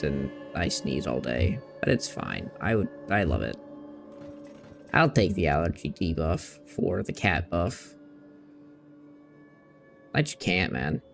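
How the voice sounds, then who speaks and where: Low gravelly man chatting casually. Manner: rambling and candid, swears casually. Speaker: gaming video host. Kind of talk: casual chat while playing.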